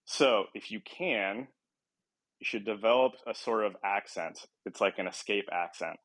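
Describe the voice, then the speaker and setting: A man's voice: on the low side, a little slow, a bit bright. A man hosting a casual podcast chat, rambling with lots of ums, restarts and laughs. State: short on sleep. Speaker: podcast host.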